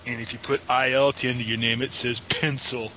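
A man's voice: medium pitch, flat delivery, fairly quick, sharp tone, a little hiss or hum, poor audio. A man calling into a chat show, exasperated and wry, ranting in a casual way. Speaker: caller.

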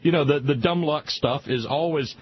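A man's voice: fairly high pitch, normal speed, breathy edge. A man co-hosting a radio talk show, speaking in a wry, digressive way and reaching for quotes. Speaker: radio co-host. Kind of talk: casual music chat. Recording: slightly muffled radio broadcast.

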